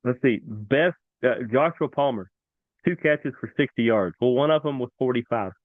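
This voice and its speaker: A man hosting a casual sports talk show, excitable and animated, repeating himself for emphasis. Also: mid-range voice, normal speed, no room sound. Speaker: sports podcast host. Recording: dry, tinny phone-like sound.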